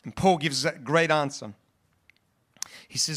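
A male pastor delivers a sermon to his congregation. His voice sits high and bright, and he speaks earnestly and conversationally, often stumbling and restarting his sentences as he goes. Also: measured pace, pauses often. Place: church.

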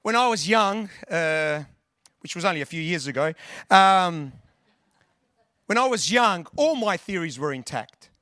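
A man's voice: high-pitched, expressive, measured pace, long pauses, sharp tone, dry recording. Man, preacher, sermon, earnest, conversational, dry close sound. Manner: earnest, conversational, with long lists and restarts.

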